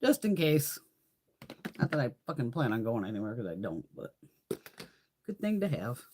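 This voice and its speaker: Lively, foul-mouthed American woman chatting live. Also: very deep voice, moderate pace, noisy background. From United States. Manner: blunt, heavy swearing, laughs often. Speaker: makeup livestream host. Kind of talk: casual livestream chat reading viewer comments.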